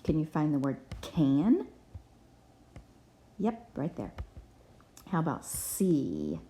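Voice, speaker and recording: Brief: woman teacher for a kids' reading lesson, mellow tone, spells words out letter by letter. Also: sits low, wildly swooping pitch, slow pace. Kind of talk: reading lesson for young children.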